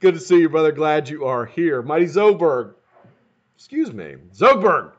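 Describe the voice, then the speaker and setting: A man hosts a casual live stream, his voice pitched fairly high and swinging widely as he greets his viewers. He swears freely and calls everyone man or brother, and his voice sounds a little hoarse. The audio is dull and lo-fi. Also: big pitch swings, moderate pace. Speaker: livestream host.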